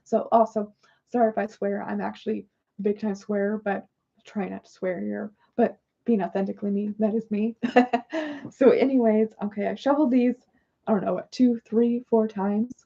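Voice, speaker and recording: A woman's voice: medium pitch, steady tone, moderate pace, creaky, warm tone, lo-fi sound. A woman hosting a casual livestream, chatting in a rambling, apologetic way while she works through oracle cards. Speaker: livestream host doing oracle card readings.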